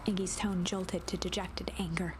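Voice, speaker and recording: Woman, whispered narration, soft breathy whisper, low, noticeable background hiss. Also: little pitch movement, moderate pace. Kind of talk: whispered narration of game text.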